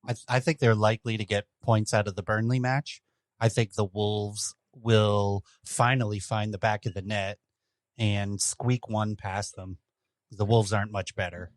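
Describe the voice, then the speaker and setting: Lower-voiced man on a sports podcast. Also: level tone, unhurried, no room sound. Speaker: podcast co-host. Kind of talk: casual sports chat.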